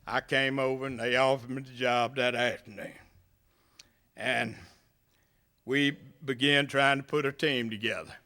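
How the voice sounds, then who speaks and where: Older man, rural southern accent, folksy humorous storyteller, banquet speech, bright forceful voice, crisp and clear. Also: medium pitch, fairly even intonation, unhurried, long pauses. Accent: Southern US, rural Gulf Coast area. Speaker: hall of fame inductee.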